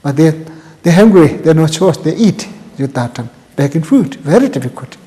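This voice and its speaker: An older man from Tibet with a Tibetan accent, whose first language is Tibetan, recounting his life in an oral history interview in halting, repetitive, broken English. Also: on the high side, lively intonation, mellow, big-room sound. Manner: halting, repeats words, plain broken English.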